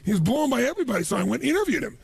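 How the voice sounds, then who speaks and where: A man giving a motivational seminar talk, telling stories to an audience in an animated way and acting out the people he quotes. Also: extremely high pitch, rapid-fire, gravelly, husky, no echo. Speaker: motivational speaker.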